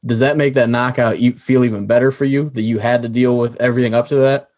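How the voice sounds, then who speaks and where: A man with a mid-pitched voice, asking the guest a question in plain, even interview talk. He speaks as a co-host. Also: quick pace.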